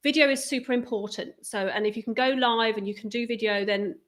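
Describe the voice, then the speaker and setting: A woman's voice: fairly high pitch, a little fast, a bit bright. Encouraging woman guest on a live stream. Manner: friendly, encouraging, casual.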